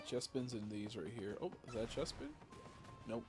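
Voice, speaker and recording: Young male streamer, tired and profane, casual chat over game music. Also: mid-range voice. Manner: tired, swearing, talks to chat. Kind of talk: casual gaming commentary.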